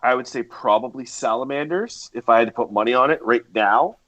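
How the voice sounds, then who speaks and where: A man's voice: mid-range voice, fairly quick, a bit bright. Congested man hosting a podcast. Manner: steers the discussion, thinks aloud. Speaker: podcast host. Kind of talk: casual chat.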